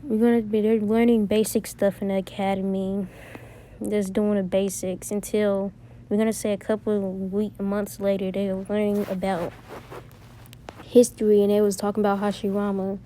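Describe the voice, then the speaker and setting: Mellow-voiced woman improvising a fan story. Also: mid-range voice, flat delivery, normal speed, a little hiss or hum. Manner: rambling, with frequent restarts.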